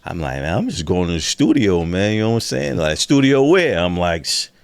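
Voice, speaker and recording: A man telling a profane, animated story in casual conversation, acting out the other voices in it. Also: sits low, brisk, gravelly, no echo. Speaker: guest.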